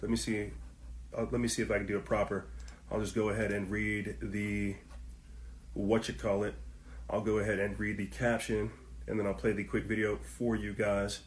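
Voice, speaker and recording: A man's voice: fairly low pitch, little pitch movement, normal speed, slight background noise. Fired-up man ranting in an echoey room. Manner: fiery, rhetorical questions, slangy asides to viewers. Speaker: online commentary host. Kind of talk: impassioned livestream commentary.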